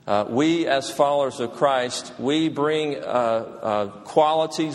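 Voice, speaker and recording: A man preaching a sermon as pastor, emphatic and slowing down to stress key phrases. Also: medium pitch. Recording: long hall reverb.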